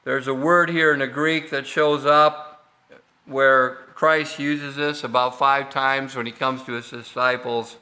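A man preaching a sermon, slow and deliberate, with frequent pauses and fillers as he explains scripture. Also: medium pitch, flat delivery, bright, forceful tone. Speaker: pastor.

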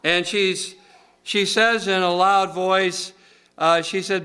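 A man's voice: sits high, steady tone, takes it slowly, pushed and bright. A male pastor preaching a sermon in a conversational, folksy way, with many filler uhs.

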